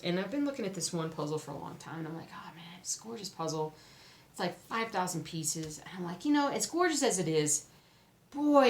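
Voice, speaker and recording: A woman vlogging casually to camera about her cross-stitch projects, chatty and excitable, often exclaiming. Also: low-pitched. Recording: echoey room, faint background noise.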